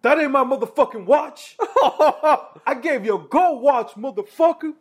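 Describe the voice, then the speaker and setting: A furious, menacing prison inmate, as a man acts him out in a story, shouting profane threats at a room of students. His voice rides high and loud, well above a normal speaking pitch. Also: fairly even intonation, fairly quick, gravelly.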